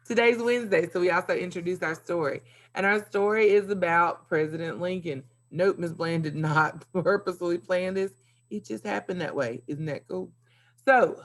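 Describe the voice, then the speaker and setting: A woman's voice: fairly low pitch, normal speed. A woman teacher giving a recorded video lesson to young pupils, upbeat and playful with sing-song emphasis. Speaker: elementary school teacher.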